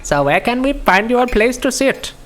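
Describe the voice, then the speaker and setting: Bossy camp-leader lady in a put-on Indian accent, played by a man in a higher voice. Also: big pitch swings, normal speed, a bit bright, a little hiss or hum, heavily acted. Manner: bossy, scolding. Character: strict woman camp leader.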